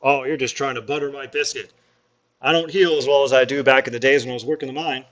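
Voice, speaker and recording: A man playing a booming, jovial factory boss. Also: fairly even intonation, quick pace, a bit bright, highs cut off, close to an everyday voice. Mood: blustering.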